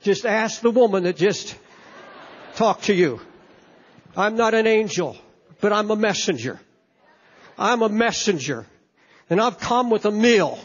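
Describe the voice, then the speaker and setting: A man's voice: high-pitched, animated, a little slow, pauses often, husky. A man preaching a sermon, impassioned and emphatic, often repeating words as he presses a point. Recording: echoey hall, dull lo-fi sound.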